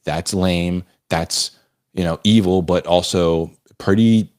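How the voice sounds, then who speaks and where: Low-voiced laid-back podcast man. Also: fairly even intonation, takes it slowly, darkish tone. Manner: casual, calls others "dude" and "bro", riffs at length. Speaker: podcast co-host. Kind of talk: casual live podcast chat.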